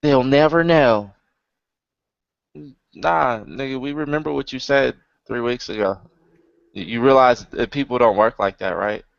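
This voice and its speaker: A man's voice: medium pitch, normal speed, creaky, no room sound, dull audio. A man co-hosting a casual podcast chat, riffing sarcastically and swearing freely. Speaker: podcast co-host.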